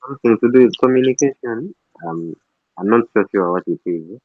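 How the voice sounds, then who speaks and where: Deep-voiced man on a tinny call. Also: animated, fairly quick. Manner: hesitant, unsure answers. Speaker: student. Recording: tinny phone-like call audio.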